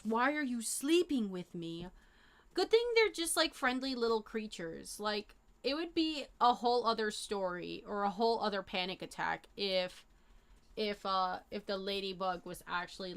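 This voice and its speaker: Young woman, live streamer, bright clear voice, rambling casual chat, slangy and animated. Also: medium pitch, moderate pace.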